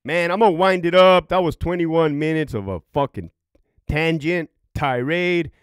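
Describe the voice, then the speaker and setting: A man's voice: a little high, normal speed, smooth, dry recording, clean studio sound. A middle-aged man, a former prison guard and veteran, telling stories in a profane, rambling, casual way. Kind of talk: casual vlog storytelling.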